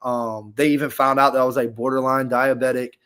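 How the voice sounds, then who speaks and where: A man's voice: medium pitch, level tone, fairly quick, a bit bright, smooth. Rambling man telling a story. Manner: rambling, filler-heavy, candid. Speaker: podcast guest. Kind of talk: casual storytelling.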